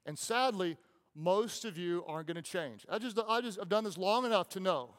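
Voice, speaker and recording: A man preaching as a pastor, impassioned, repeating phrases and dropping to soft, slow pauses. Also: high-pitched, animated. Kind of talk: sermon. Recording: long hall reverb.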